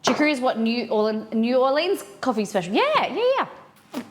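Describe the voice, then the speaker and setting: A woman's voice: on the high side, sing-song, normal speed, a little hiss or hum. A young woman chatting casually with viewers on a live stream while eating, reading chat aloud and answering.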